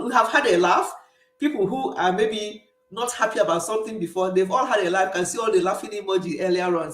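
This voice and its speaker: A Nigerian woman hosting a casual live stream, chatting and answering her viewers' comments as they arrive, with a warm Nigerian accent and frequent bursts of laughter. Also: lowish voice. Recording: roomy echo.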